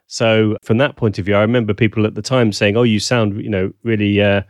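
A man's voice: fairly low pitch, flat delivery, brisk, a little mellow, no room sound, studio quality. A man from the south of England with a Southern English accent, a guest on a video call interview, talking thoughtfully with frequent ums. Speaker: guest, language consultant. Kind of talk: casual interview chat.

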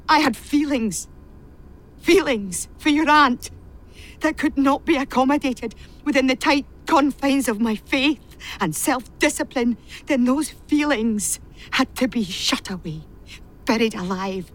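The actress's voice is natural and a little high. She plays a bitter, repressed woman in a radio play, someone in a family's service since childhood, who unleashes a venomous confession.

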